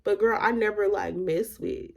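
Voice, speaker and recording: A woman's voice: medium pitch, steady tone, normal speed, creaky. A woman vlogger telling a casual storytime, emphatic and candid, filling her talk with "like" and retelling conversations. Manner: emphatic, repeats "like" often.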